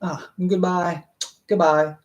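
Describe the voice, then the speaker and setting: A man's voice: high-pitched, little pitch movement, slow pace, lo-fi sound. A man reading a novel aloud on a live stream, stumbling over words and breaking off for chatty asides and jokes. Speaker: book reader and streamer.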